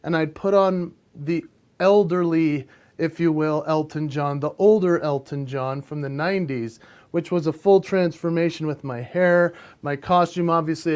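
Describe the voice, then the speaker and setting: A male impressionist as an interview guest, telling stories animatedly in a casual chat. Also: fairly high pitch. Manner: animated storyteller, bursts into sung bits.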